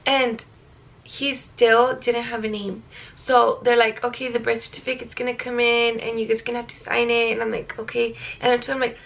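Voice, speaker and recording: Young woman vlogger from California, casual storytime delivery, gravelly fry, slightly high voice, chatty with filler words. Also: flat delivery, normal speed, fairly bright tone. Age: young adult. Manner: chatty, many likes and ums, swears casually. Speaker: vlogger telling her life story.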